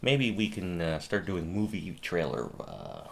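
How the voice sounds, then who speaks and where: Animated middle-aged co-host, low voice with big swings, casual chat. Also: male voice, a little slow, gravelly. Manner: animated and lively. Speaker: podcast co-host.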